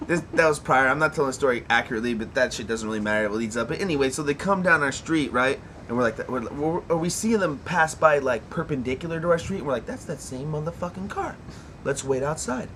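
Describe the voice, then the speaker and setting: A man's voice: mid-range voice, fast talker, few pauses, a bit bright, slight background noise. A man hosting a casual podcast, telling a rambling, profane story and laughing often. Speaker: podcast host.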